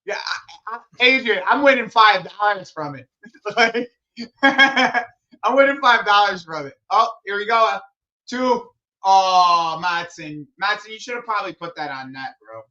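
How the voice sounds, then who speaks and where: Lively slangy young man streaming football. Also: high-pitched, unhurried, muffled recording. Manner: animated, slangy, says "bro" a lot, laughs often. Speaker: streamer hosting a football watch-along. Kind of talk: casual live commentary chat.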